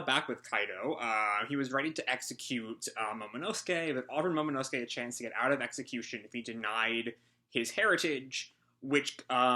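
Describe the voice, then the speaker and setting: Guy out of breath doing a live reaction, bright forceful voice, kinda rambly and halting. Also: mid-range voice. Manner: rambling, hesitant recap. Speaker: manga reaction host. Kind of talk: casual live reaction commentary.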